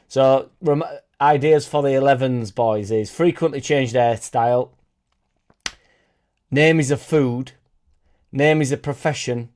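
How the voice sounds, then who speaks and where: Mellow-voiced man chatting on a livestream. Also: mid-range voice, steady tone, unhurried. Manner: rambling and chatty, reads out viewer comments; self-deprecating asides. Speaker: fan channel host. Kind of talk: casual live-stream chat.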